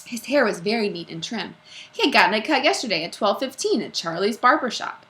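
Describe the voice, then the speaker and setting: Expressive storybook reader, woman, bright tone. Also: fairly high pitch, fairly quick. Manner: expressive, with character voices. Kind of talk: storybook read-aloud.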